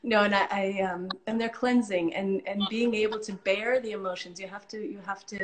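A woman's voice: medium pitch, fairly even intonation, normal speed, a crowd in the background. A woman host with a mid-range voice talks earnestly in a conversational interview. She tells stories appreciatively and often restarts her sentences as she speaks. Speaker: host, charity leader.

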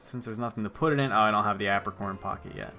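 A man's voice: lowish voice, racing, pushed and bright, faint music behind. A man hosting a casual let's play, joking around, rambling and swearing freely over the game. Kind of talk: casual gameplay commentary.

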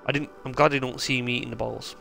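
A man giving excitable, joking live gameplay commentary, swearing a lot. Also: mid-range voice, fast, creaky, faint music behind. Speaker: streamer.

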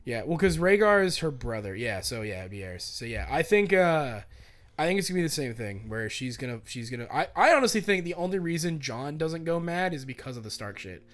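Animated, swearing podcast man. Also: on the high side, a little fast. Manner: animated, swearing, acts out quotes loudly. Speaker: podcast co-host. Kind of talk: casual chat.

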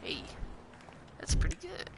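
A young man streaming a game, chatting casually and excitably, rambling and repeating himself. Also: a little slow, background noise. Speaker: gaming streamer.

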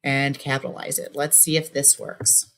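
A woman teacher recording a mini lesson for young students, patiently modeling how to read aloud and pause to breathe. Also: rumbling low, fairly even intonation. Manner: clear, patient modeling, reads text aloud with exaggerated breathlessness.

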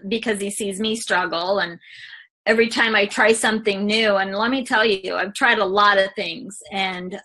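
A woman real estate agent speaks in an interview in a bright, forceful voice. She talks candidly and rambles, with plenty of fillers. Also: mid-range voice. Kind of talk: testimonial interview.

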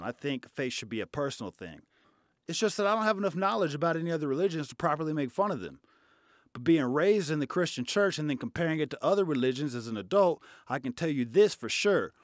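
A man's voice: a little high, dry recording, studio quality. Sarcastic, profane male comedian. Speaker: stand-up comedian. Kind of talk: stand-up comedy routine.

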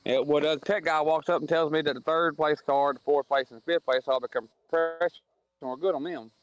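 A man's voice: a little high, steady tone, a little fast, no room sound, rough recording. A man tells a heated racetrack story in casual podcast chat, acting out the quoted arguments in a blunt, plain-spoken way. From southern United States. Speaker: racing series promoter on a podcast.

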